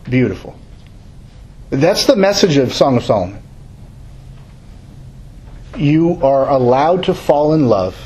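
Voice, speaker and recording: A man with a slightly husky voice leads a Bible study lesson, reading short passages aloud and then talking through them. His voice sits a little higher than most men's, and he speaks in a plain, unhurried classroom manner, with small restarts. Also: sing-song, darkish tone, poor audio. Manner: reads verses aloud, then explains them in a halting, casual way.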